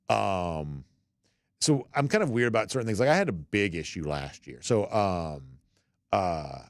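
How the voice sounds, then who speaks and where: A man's voice: sits low, no room sound, clean studio sound. A man hosting a sports talk show, chatting loosely with many fillers and restarts as he reads out listener comments. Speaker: podcast host.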